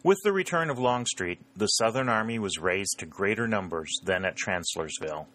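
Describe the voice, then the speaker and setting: A man narrates a novel in a steady, measured reading. His voice is fairly low, with a bright, forceful tone. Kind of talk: storybook narration.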